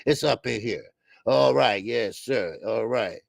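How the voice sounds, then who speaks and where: A middle-aged man hosts a casual boxing live stream with a heavily gravelly, fry-laden voice. He talks loose and slangy, calling out viewers one by one. The sound is dry and close, with no room around it. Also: medium pitch, takes it slowly, dry recording. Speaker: boxing channel host.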